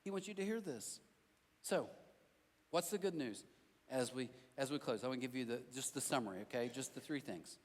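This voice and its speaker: A man's voice: mid-range voice, expressive, brisk, long reverb tail. A pastor preaching a sermon to his congregation, telling stories in a conversational way and driving points home with repetition. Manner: conversational storytelling, emphatic repetition. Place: church sanctuary.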